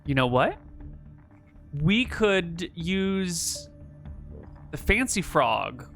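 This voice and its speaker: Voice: medium pitch, sing-song, extremely slow, a bit bright, faint music behind. A player in a tabletop game, teasing the group in wry banter. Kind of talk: tabletop role-play chat.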